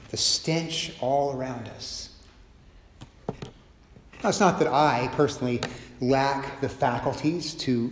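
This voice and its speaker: A middle-aged man preaching a sermon as pastor, expressive and humorous, shifting his pace and loudness as he acts out quotes. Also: medium pitch, echoey room, long reverb tail, slight background noise.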